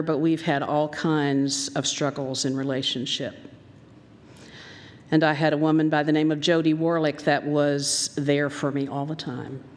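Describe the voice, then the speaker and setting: A woman minister with a Southern American accent delivers a storytelling sermon. Her voice sits slightly low and she brings the quoted people to life. The sound carries a long reverb from the church hall. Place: church sanctuary.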